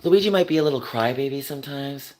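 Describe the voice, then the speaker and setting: A man on a live stream, talking through his grievances in an agitated, emotional rant. His voice sits at an ordinary pitch and dips into tired muttering before rising again when he gets worked up. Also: quick pace, a little mellow, a little hiss or hum. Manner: agitated, swings from muttering to raised voice.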